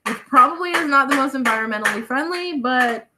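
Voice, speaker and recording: A woman's voice: high-pitched, animated, fairly quick, loud music behind the voice. A woman hosting a crochet livestream from home, chatting casually with viewers, reading their comments aloud and laughing often. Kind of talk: casual chat with live viewers. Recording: loud clicking noise over the voice.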